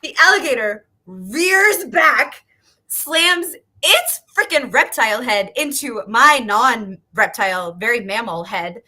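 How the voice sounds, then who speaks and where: Taking it slowly, a woman with a slightly high, animated, pushed and bright voice tells a story as an author guest on a video call. In her thirties, she laughs frequently and swears when acting out quotes during the animated chat.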